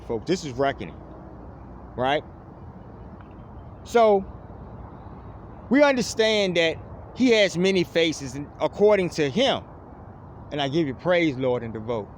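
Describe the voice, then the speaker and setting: Fervent man preaching, animated pitch. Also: slight background noise. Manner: fervent, says "folks" after nearly every phrase, voice dropping low on it. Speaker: preacher addressing online viewers. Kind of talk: impassioned spiritual monologue.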